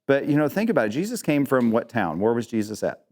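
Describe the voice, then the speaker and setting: A man's voice: mid-range voice, big pitch swings, fast, darkish tone. A man teaching an interactive Bible lesson, quizzing the class with questions and dropping in joking asides.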